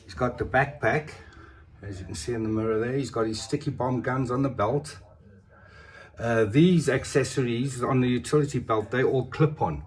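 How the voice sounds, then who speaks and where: A man's voice: mid-range voice, normal speed. A man talking through his collectible figures in a casual, rambling show-and-tell vlog, often ending lines with "eh?". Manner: rambling and chatty, with tag questions like "eh?".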